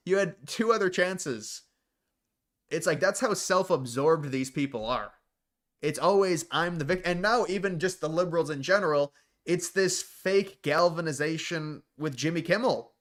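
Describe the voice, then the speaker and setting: A man's voice: fairly high pitch, normal speed, a bit bright. A man hosting a livestream, reacting to chat in blunt, profane, sarcastic rants. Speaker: livestream host. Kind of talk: casual livestream commentary.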